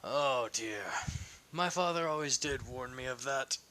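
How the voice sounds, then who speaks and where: A man's voice: mid-range voice, measured pace, pushed and bright, low-quality recording. A man voicing a formal, courtly young armored warrior in a fan-made audio story, polite in an old-fashioned way.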